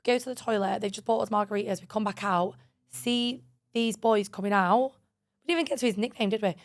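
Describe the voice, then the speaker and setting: Fast-talking woman in her twenties, animated storyteller. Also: mid-range voice. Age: 20s. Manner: animated, full of "like", acts out quoted dialogue. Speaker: podcast co-host. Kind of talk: casual chat storytelling.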